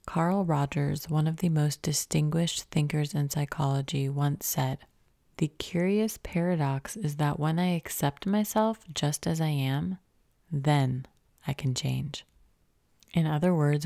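A woman's voice: low-pitched, unhurried, vocal fry, dark tone, dry recording, studio quality. A young adult woman hosting a podcast, talking reflectively and conversationally, asking many questions and sometimes dropping to a whisper. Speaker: podcast host. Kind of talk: reflective self-help talk.

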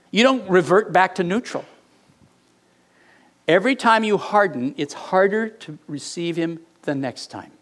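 A man preaching a sermon, reading scripture aloud with animated, mock-indignant asides. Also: high-pitched. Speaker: pastor.

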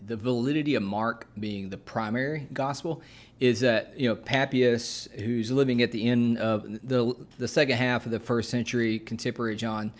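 A man's voice: mid-range voice, steady tone, moderate pace. Folksy man co-hosting a Bible podcast. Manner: affirming, folksy, uses everyday comparisons. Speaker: podcast co-host. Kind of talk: casual Bible-teaching chat.

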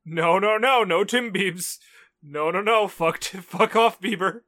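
A man's voice: sits high, a little slow, bright, forceful tone, no echo, clean studio sound. A man co-hosting a casual podcast, making blunt, sarcastic quips. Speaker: podcast co-host.

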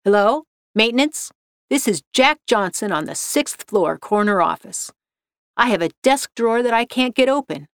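A woman's voice: a little high, expressive, normal speed, clear, resonant tone, dry recording, studio quality. A woman reading the part of a bossy, impatient male office manager who gives curt demands. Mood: irritated.

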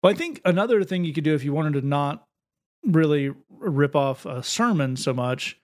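A man co-hosting a podcast in relaxed chat, with a slightly higher voice. He makes wry, joking asides and laughs often. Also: moderate pace. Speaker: podcast co-host. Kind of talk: casual chat.

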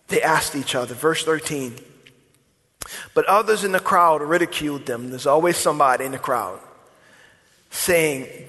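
Man, pastor, sermon, emphatic and repetitive, high pitched, long church-hall reverb. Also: moderate pace, pushed and bright. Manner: emphatic preaching, repeats key words, chatty asides to the congregation.

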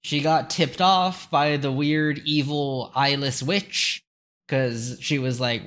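A man with a fairly high voice chatting as a podcast co-host. He laughs a lot, swears freely and acts out scenes as he retells them. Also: takes it slowly. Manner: laughing, profane, animated retellings. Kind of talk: casual recap chat.

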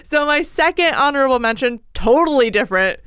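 A woman's voice: sits high, expressive, fairly quick, heavy background noise. A woman in her thirties from Oregon co-hosting a podcast, chatting casually and laughing often. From Oregon, United States. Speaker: podcast co-host. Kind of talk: casual chat.

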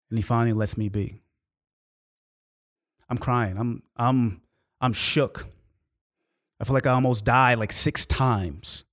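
A man from California speaks with emphatic, motivational energy, leaning into repeated phrases and dramatic pauses. His voice sits at an ordinary middle pitch as he tells a personal story. It is a podcast host's intense, preachy delivery. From California, USA. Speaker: podcast host.

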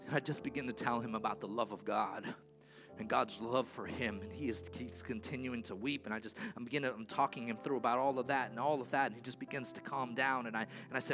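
A male pastor preaching a sermon, moving between quiet storytelling and loud, impassioned calls. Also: mid-range voice, fairly even intonation, brisk, faint music behind. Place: church sanctuary.

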